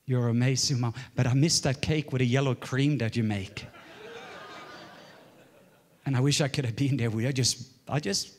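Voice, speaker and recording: A man in his forties from Norway, preaching a sermon as a story, swinging from loud exclaims to hushed murmurs. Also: medium pitch, steady tone, moderate pace, long pauses. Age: 40s. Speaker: guest preacher.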